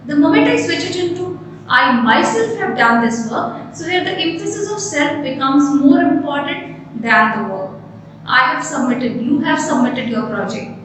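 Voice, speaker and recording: A woman gives an English grammar lesson, slowing down to stress each example word. Her voice sits high. It bounces around a very reverberant room, heard from a distance off the mic. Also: fairly bright tone, slight background noise. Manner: slow, deliberate, stressing example words.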